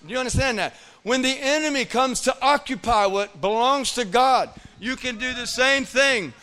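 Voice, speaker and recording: A man's voice: very high-pitched, moderate pace, clean tone. A man preaching a sermon as pastor, telling a story with acted-out dialogue and repeatedly calling on his congregation to answer. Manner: animated preaching with audience call-outs; acts out quoted dialogue in storytelling.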